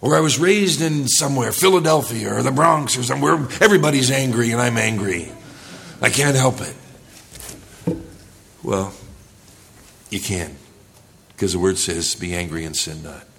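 A male pastor preaching a sermon in church, earnest, rising for emphasis and dropping low and quiet. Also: normal speed, creaky, a little hiss or hum.

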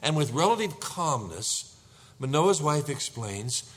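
Medium pitch, normal speed, and a husky texture mark this middle-aged pastor's voice. He preaches a sermon, narrating animatedly and acting out husbands in a panic.

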